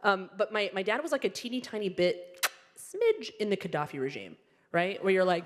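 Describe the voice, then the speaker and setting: Lively woman doing stand-up in a hall. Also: normal speed, a little hiss or hum. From Egypt. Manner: animated, playful, acts out people in high voices. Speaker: stand-up comedian. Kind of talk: stand-up comedy set. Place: comedy venue on stage.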